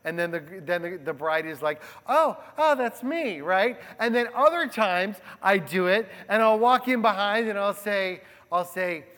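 A male pastor giving a sermon in a conversational, animated way, often checking in with the congregation. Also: sits high, moderate pace, few pauses. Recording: long hall reverb.

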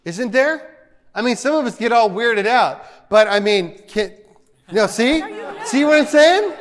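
Male pastor, light high voice, chatty sermon delivery with humorous asides. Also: lively intonation, measured pace, a faint crowd. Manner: conversational, joking asides to the congregation.

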